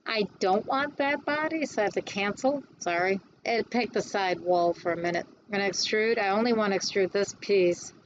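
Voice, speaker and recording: A woman instructor giving a classroom lecture on design software, chatty and quick to answer her own questions. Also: medium pitch, muffled recording, a little hiss or hum.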